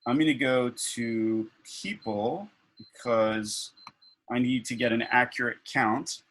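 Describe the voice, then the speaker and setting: A man's voice: mid-range voice, takes it slowly, fairly bright tone, a little hiss or hum, low-quality recording. A man leading an online faculty workshop over a video call, thinking aloud with many fillers and restarts.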